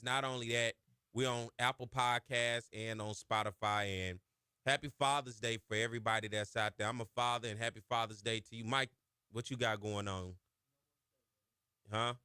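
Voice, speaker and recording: A man hosting a sports talk radio show, chatting casually in folksy slang and getting loud and high when he hypes a point. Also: clean tone, dry recording, clean studio sound. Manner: folksy Southern slang, chatty asides to his producer. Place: radio studio. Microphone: studio microphone.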